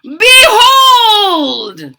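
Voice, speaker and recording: A woman voicing a grandiose male mad scientist, with shouted, drawn-out exclamations. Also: very high-pitched, sing-song, creaky, pitched above the performer's own voice, heavily acted. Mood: triumphant.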